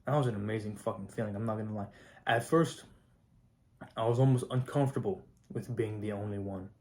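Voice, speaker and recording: A teenage high school student talking casually to camera, swearing often and getting fired up, with lots of filler words. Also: male voice, brisk, a little mellow. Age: teens. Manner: profane, hyped, heavy "like" and "not gonna lie". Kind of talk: casual vlog monologue.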